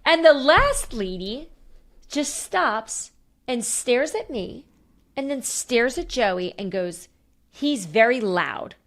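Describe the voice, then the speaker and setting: A woman in her thirties hosting a podcast, telling a story in a lively, animated way and laughing often. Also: high-pitched, slow pace. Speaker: podcast host. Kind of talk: casual chat.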